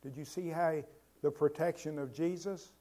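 A male pastor delivers a sermon in a somewhat high, mellow voice. He keeps turning to the congregation with rhetorical questions. He moves between loud, emphatic lines and quiet, low ones. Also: fairly even intonation, normal speed.

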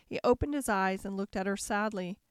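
A woman's voice: mid-range voice, smooth, no room sound. Dry-voiced woman reading a bedtime story. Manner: calm, measured reading.

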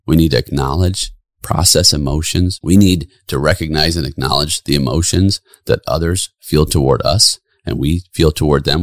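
A man's voice: low voice, no room sound, clean studio sound. A middle-aged man hosting a solo podcast, speaking with earnest, preacherly emphasis. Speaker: podcast host.

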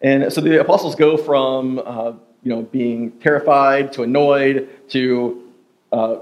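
A man's voice: mid-range voice, fairly even intonation, measured pace, darkish tone, dull audio. A man preaching a sermon in a church, casual and joking, full of fillers and asides. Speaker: pastor. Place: church sanctuary.

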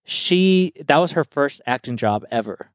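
A man's voice: on the high side, animated, measured pace, no room sound, clean studio sound. A young man co-hosting a podcast, explaining a video game in an enthusiastic, rambling casual way full of "like" and "dude". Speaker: podcast co-host.

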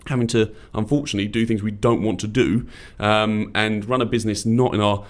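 British man, thirties, podcast co-host, rambling, jokey, rapid speech. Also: fairly low pitch, fairly even intonation. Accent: British English. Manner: rambling, jokey, puts on drunk-bloke voices. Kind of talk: casual chat.

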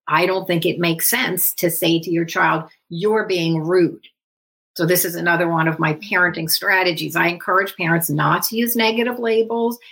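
A woman psychologist appears as a podcast interview guest, explaining things in a measured, instructive manner. Her voice sits on the low side, slightly bright, with vocal fry.

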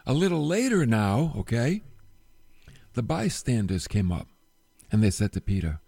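A man preaching a sermon, retelling a Bible story with animated storytelling and rhetorical questions, going low and soft at solemn moments. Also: moderate pace, gravelly, long pauses, breathy edge, no echo, studio quality. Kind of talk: sermon podcast.

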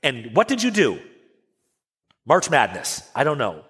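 A preacher voicing an upset grieving sister. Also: male voice, medium pitch, huge pitch swings, measured pace, fairly bright tone, husky, long reverb tail, exaggerated voice. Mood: reproachful. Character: upset grieving woman blaming a friend.

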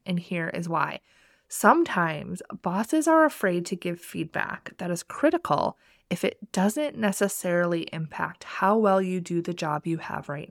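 A woman's voice: lowish voice, no echo, studio quality. A woman hosting a career podcast, talking directly and with upbeat motivation. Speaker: podcast host and career coach. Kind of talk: scripted podcast intro and solo talk.

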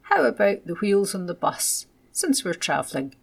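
A woman voicing a patient parent gently coaxing a child with soothing words. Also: mid-range voice, sing-song, normal speed, gravelly, slightly rough, exaggerated voice.

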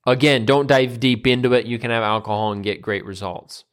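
A man's voice: mid-range voice, steady tone, fairly quick, clear, resonant tone. A man, a nutrition coach and personal trainer, giving a casual motivational monologue and acting out the voices he quotes.

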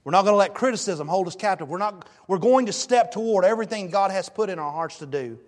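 A male pastor preaching a sermon and telling a story in a lively, emphatic way. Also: high voice, fast, in a large hall. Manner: animated storytelling, emphatic rises. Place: church sanctuary.

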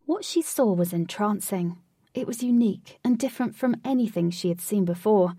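Husky, gravelly woman narrating a storybook. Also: mid-range voice, moderate pace, no room sound, studio quality, recorded from a distance. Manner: steady, even storytelling. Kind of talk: audiobook reading.

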